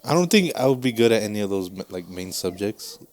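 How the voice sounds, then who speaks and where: A man's voice: lowish voice, very animated, fast talker, darkish tone, soft background music. A man co-hosting a podcast in casual chat, blunt and self-mocking, with swearing. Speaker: podcast co-host.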